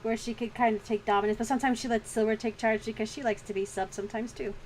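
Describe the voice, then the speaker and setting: A woman's voice: a little high, fairly even intonation, fast, slight background noise. A woman streaming while she draws, chatting casually and frankly, laughing often and swearing freely. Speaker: streaming artist. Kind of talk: casual chat during a drawing stream.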